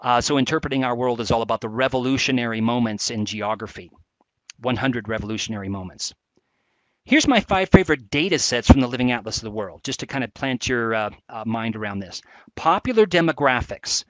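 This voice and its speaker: A man's voice: medium pitch, lively intonation, brisk, a bit bright, no echo, poor audio. Enthusiastic man presenting a webcast. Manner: enthusiastic, chatty, with fillers. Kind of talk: live educational webcast talk.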